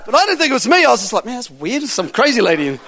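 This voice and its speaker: A man preaching and telling lively stories, acting out both sides of conversations with loud bursts. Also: very high voice, rapid-fire, very noisy. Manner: animated storyteller acting out dialogue, loud bursts. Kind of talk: sermon storytelling.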